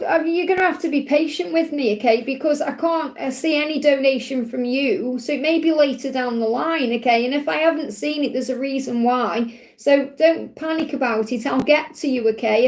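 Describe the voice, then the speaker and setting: A woman hosting a live spiritual Q&A, talking casually and reassuringly to her chat and often checking in with "okay?". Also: high voice. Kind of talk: casual livestream reading.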